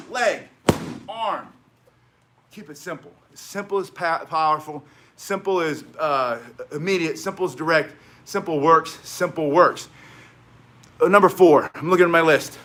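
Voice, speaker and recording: A man's voice: fairly high pitch, bright, forceful tone. A man teaching self-defense on a live stream, talking to viewers in an emphatic way, repeating short punchy phrases and drifting into asides. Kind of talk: live-streamed training talk, chatting with viewers.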